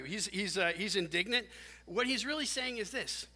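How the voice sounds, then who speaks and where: A man preaching a sermon as pastor, animated and emphatic, often restarting his phrases. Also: sits high, normal speed. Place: church sanctuary. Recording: long church hall reverb.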